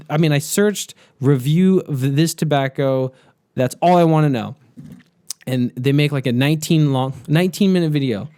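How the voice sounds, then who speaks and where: A man in his thirties co-hosting a casual podcast chat, blunt and quick to swear. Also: a little high, mellow, no echo, clean studio sound. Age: 30s. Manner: blunt, swears freely, mocks slow talkers. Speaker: podcast co-host.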